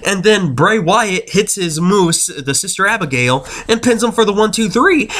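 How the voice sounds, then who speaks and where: A man's voice: on the high side, lively intonation, normal speed, few pauses, a bit bright. A man giving an angry, profane, exasperated ranting review of a wrestling show.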